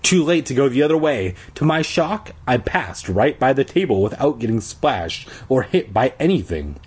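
A man's voice: medium pitch, very animated, moderate pace, husky. A man reading a children's horror story aloud in first person, breaking off with crude joking asides. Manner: irreverent, joking. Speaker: reader.

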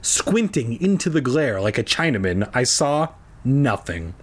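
A man's voice: mid-range voice, sing-song, measured pace. A tipsy man reading a children's book aloud and breaking off for crude, jokey asides. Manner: irreverent, jokey, swears freely. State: tipsy from drinking. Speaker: reader.

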